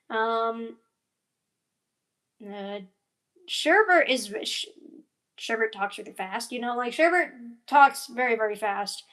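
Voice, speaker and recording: A woman's voice: fairly high pitch, lively intonation, takes it slowly, pauses often, a bit bright. A young woman chatting casually in a rambling vlog, full of fillers and side tangents, yawning now and then. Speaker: animator and voice actor.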